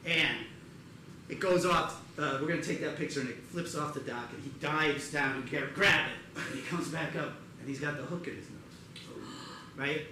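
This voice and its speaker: A man performing live storytelling comedy in a theater, animated and acting out other people's voices in loud bursts. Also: on the high side, normal speed, background noise. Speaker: comedian performing a one-person show. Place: theater stage before a live audience. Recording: echoey theater with audience ambience.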